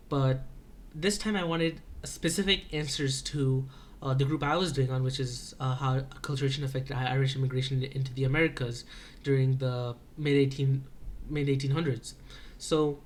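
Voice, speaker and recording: A man's voice: mid-range voice, a little hiss or hum. A teenage boy recapping a school research project in a vlog, talking loosely with many fillers and restarts. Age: teens. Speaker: high school student.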